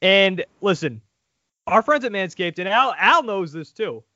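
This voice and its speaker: Crude, animated sports podcast host. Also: male voice, high voice, a little slow, dry recording. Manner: animated, crude, laughing asides. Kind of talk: casual sports podcast chat. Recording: dull lo-fi audio.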